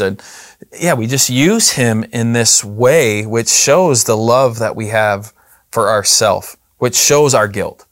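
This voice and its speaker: A man in a relaxed Bible discussion, circling his point with restarts and asides. His voice sits at an ordinary pitch, and the recording is dry and close with no room sound. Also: slow, dry recording. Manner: conversational, rambling with restarts and asides. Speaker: Bible study co-host.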